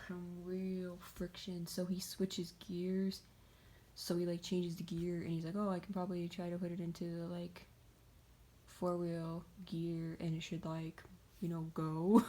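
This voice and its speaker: A woman's voice: fairly low pitch, dark tone, slight background noise. A young woman from the Pittsburgh area telling a story in a casual, rambling way, full of fillers and swearing. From greater Pittsburgh area. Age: young adult. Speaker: vlogger.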